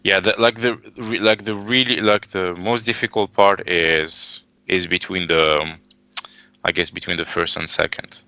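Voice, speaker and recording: Deep-voiced hesitant man learning tones. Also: steady tone, moderate pace, pushed and bright, dry recording. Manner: hesitant, repeats sounds, many fillers. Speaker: student. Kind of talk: learner practicing pronunciation.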